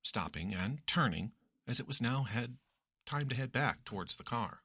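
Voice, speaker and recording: A man reading a story aloud as narrator in an expressive, lively way. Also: mid-range voice, moderate pace, husky, no room sound, studio quality.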